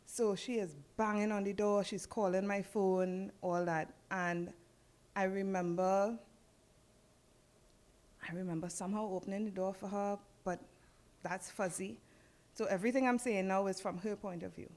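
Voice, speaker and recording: A woman with a Trinidadian accent, a podcast guest telling her story in a casual interview and acting out the dialogue in a lively way. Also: mid-range voice, normal speed.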